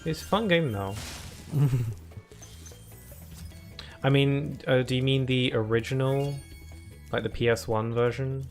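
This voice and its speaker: A man's voice: medium pitch, a little slow, long pauses, faint music behind. Chatty male game streamer. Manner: chatty and rambling, talks to chat between laughs. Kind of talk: casual live-stream commentary.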